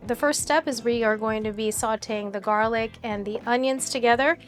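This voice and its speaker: A woman's voice: fairly high pitch, steady tone, moderate pace. A woman hosting her cooking channel, chatting playfully and explaining each step as she cooks in her kitchen. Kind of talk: casual cooking vlog. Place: home kitchen with food sizzling. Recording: background music under the voice. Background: music and sizzling pan.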